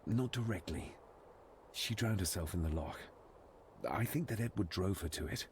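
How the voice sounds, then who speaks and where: An actor playing a troubled young man who is uncovering dark family secrets in a video game, speaking earnestly and anxiously. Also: low voice, moderate pace, slight background noise. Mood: brooding. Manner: earnest, brooding, quietly anxious.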